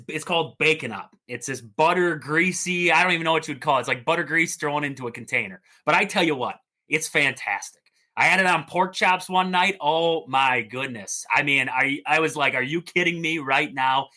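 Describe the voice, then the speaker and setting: A man hosting a casual sports podcast, excitable and rambling, often repeating himself. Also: a little high. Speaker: podcast host.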